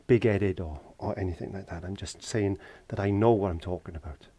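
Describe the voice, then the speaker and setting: A deep, warm and slightly rough voice belongs to a Welsh man speaking fairly quickly. As a painting tutor in his garden shed, he delivers a casual lesson, chatting away, joking and talking to himself while he paints.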